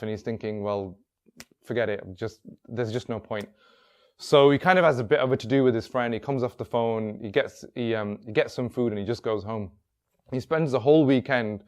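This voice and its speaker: A man telling a long story in a casual, spoken way, dropping his voice quieter when he quotes people. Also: medium pitch. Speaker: workshop speaker.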